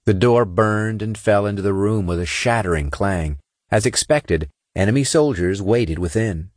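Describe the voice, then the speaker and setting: A man narrating a science-fiction audiobook with expressive storytelling and character voices. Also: fairly low pitch, normal speed, dry recording, studio quality.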